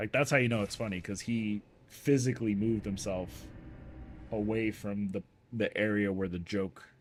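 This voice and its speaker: A man with a fairly low voice tells childhood stories to his stream chat, loose and animated. He laughs often and slips into the voices of the people he quotes. A faint noise sits under his voice. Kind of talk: casual storytelling to a live chat.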